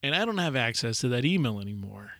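A man in his forties, a podcast co-host telling a story in casual chat, animated and laughing often. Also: medium pitch, fast, vocal fry, no room sound, clean studio sound.

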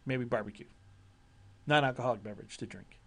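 A man's voice: mid-range voice, fairly quick, gravelly, a bit bright. A man co-hosting a casual gaming podcast, rambling and joking, with lots of fillers and restarts. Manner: rambling, joking, self-interrupting. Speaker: podcast co-host.

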